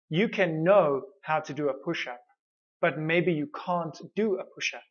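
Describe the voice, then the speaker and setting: A man's voice: on the high side, normal speed, muffled recording. A man teaching an online pronunciation course, encouraging and often checking in with "okay".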